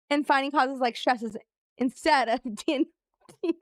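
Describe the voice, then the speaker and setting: The high-pitched voice of a woman playing a trivia game on stream comes through in clean studio quality with no room sound. She's easygoing with her audience, reading clues aloud and laughing freely.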